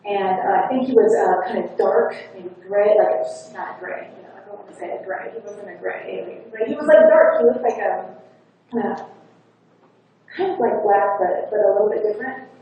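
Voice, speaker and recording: A woman's voice: medium pitch, normal speed, narrow, tinny audio. A woman hypnotherapist giving a conference talk, chatting her way through a client's session story. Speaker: hypnotherapist speaker. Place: conference hall. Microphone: faulty wireless lapel mic. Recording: echoey hall, distant mic, faint hiss.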